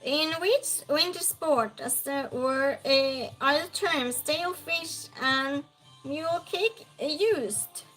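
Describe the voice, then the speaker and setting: A woman's voice: high voice, slow pace, a bit bright, soft background music. A woman hosting a live trivia stream, reading questions aloud and chatting with viewers.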